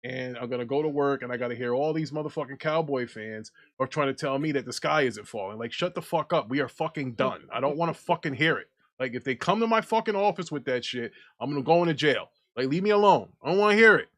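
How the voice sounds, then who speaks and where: A young man hosting a casual live-stream chat show, ranting in a profane, animated way. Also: medium pitch, fast talker, hardly any pauses. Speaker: podcast host.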